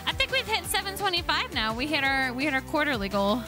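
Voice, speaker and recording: A woman's voice: high voice, sing-song, fast, hardly any pauses. A young woman streaming a game, chatting casually with her viewers, swearing freely and humming along to the game music. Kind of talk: casual live-stream chat while gaming. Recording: game music playing clearly behind.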